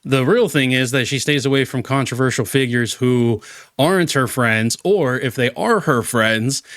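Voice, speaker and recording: A man's voice: mid-range voice, normal speed, fairly bright tone, no echo, studio quality. A man giving exasperated reaction commentary on a streamer, ranting with many restarts.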